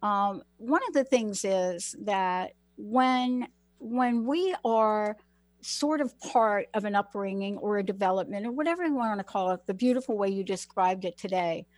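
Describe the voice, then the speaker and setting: A woman's voice: medium pitch, moderate pace, dry recording. Encouraging woman interviewer from the Bronx. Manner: encouraging, reflective, draws the guest out. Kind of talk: conversational interview.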